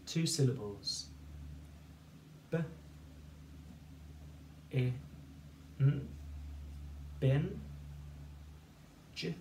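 Male phonics teacher, very slow and patient, spelling out letters, echoey room, mic at a distance. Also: mid-range voice, animated, darkish tone, a little hiss or hum. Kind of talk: phonics dictation lesson.

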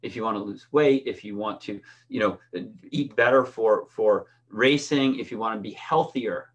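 A man's voice: on the low side, moderate pace, highs cut off. A middle-aged man, a swim coach, giving a conversational lesson with personal stories, often restarting and checking in with "right?". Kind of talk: instructional talk with personal stories.

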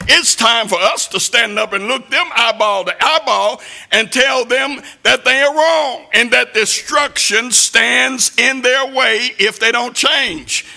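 A man preaching a sermon in a sing-song cadence that rises to shouts. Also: extremely high pitch, slow, vocal fry, hardly any pauses.

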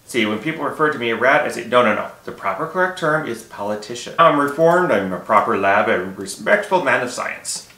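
A man's voice: medium pitch, animated, fairly quick, sharp tone. A man voicing a pompous male rat puppet who calls himself a reformed politician and a man of science. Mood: indignant. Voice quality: pompous, self-important. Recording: echoey room.

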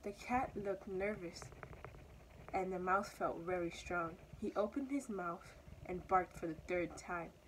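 A young woman, a student, reading a children's story aloud with steady, expressive storytelling. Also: on the low side, a little slow, a little hiss or hum, poor audio. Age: teenager or young adult. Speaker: student reader.

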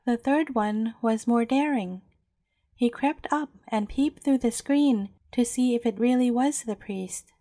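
A woman storyteller reading a bedtime fairy tale aloud in a gentle, measured way. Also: fairly high pitch, no echo, clean studio sound.

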